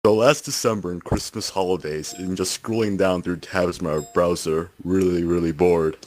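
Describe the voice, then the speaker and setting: A man's voice: low-pitched, fairly even intonation, normal speed, a little mellow, soft background music. A man in a casual group voice chat, reading another member's typed messages aloud, laughing often and stumbling over words. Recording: voice chat over headset mic.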